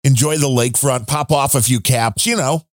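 A man's voice: mid-range voice, normal speed, dry recording, studio quality, faint music behind. A man hosting a podcast in casual chat, rambling along with fillers and asides. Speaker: podcast host.

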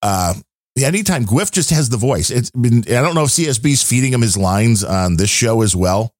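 A man hosting a podcast, chatting loosely and cracking jokes between listener shout-outs. His pitch moves around a lot as he talks, and the sound is dry and close. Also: expressive, moderate pace, dry recording. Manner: joking, rambling, laid-back. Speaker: podcast co-host. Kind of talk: casual podcast chat reading listener support.

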